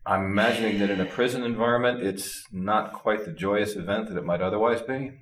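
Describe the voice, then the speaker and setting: A man interviewing a guest, asking thoughtful, measured questions. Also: lowish voice, a bit bright, reverberant, rough recording.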